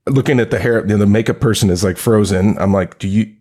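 Male podcast guest, low-pitched, loose and animated storyteller. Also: fast talker. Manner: rambling, animated anecdotes with quoted voices. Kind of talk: casual storytelling.

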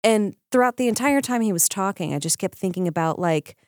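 A woman co-hosting a podcast in casual chat, animated, jumping in and swearing freely. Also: medium pitch, brisk, no echo, clean studio sound. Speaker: podcast co-host.

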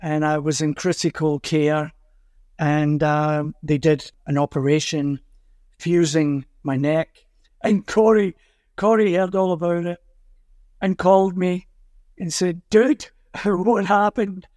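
Scottish man telling lively stories. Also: fairly high pitch, unhurried, smooth, no room sound, studio quality. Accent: Glasgow Scottish. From Scotland. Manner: acts out voices in anecdotes. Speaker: musician guest. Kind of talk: animated storytelling.

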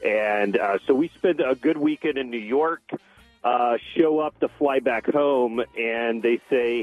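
A man's voice: mid-range voice, measured pace, no room sound. Guy calling in on a tinny phone line, dry sound, easygoing, faint music. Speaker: caller. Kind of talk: phone-in story.

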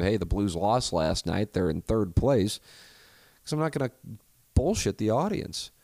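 A middle-aged American man with a low, deep voice holds forth alone on his podcast. He rambles candidly, restarts his sentences and swears now and then. The sound is dry and close, with no room around it. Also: a little mellow, no echo. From United States. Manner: rambling, candid, self-correcting, profane. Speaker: podcast host. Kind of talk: solo casual monologue.

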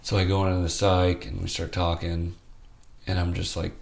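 A man's voice: low voice, completely flat delivery, normal speed, gravelly. A man speaking as an interview guest, telling a candid personal story in a rambling, heartfelt way full of fillers.

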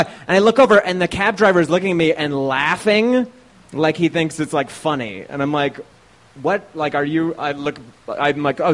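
A man's voice: on the high side, a bit bright. A man telling a profane, comic story live on stage, laughing through it. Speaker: co-host and storyteller. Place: live show at a small venue.

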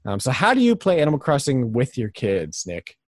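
A man's voice: mid-range voice, wildly swooping pitch, fairly quick, no echo. A man in his thirties co-hosting a casual podcast, earnest and hesitant with many fillers. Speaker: podcast co-host. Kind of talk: casual chat.

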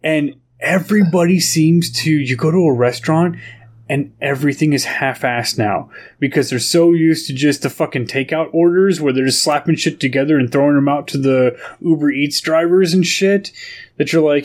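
A man's voice: a little high, moderate pace. A man co-hosting a podcast, talking bluntly and swearing freely in casual chat. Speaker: podcast co-host.

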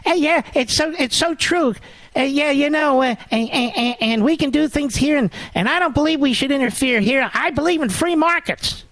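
A man's voice: extremely high pitch, a bit bright, no echo, voice pushed up. A man mockingly impersonating a dithering male governor who stammers and agrees meekly. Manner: halting, stammering, meek, agreeable. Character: dithering, mumbling middle-aged male governor.

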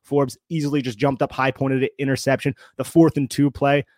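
A man of middle pitch on a sports podcast, methodically breaking down plays with technical football terms. His voice is recorded close and dry, with no room sound. He talks in a casual yet analytical way. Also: level tone, fairly quick, a little mellow, dry recording. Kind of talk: casual podcast chat and detailed film breakdown.

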